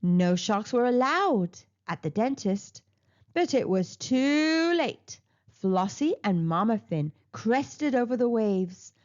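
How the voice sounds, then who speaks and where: Playful woman storyteller reading a picture book, high-pitched and slow, dull recording. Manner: expressive, playful. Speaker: children's storyteller. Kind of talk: picture book read-aloud.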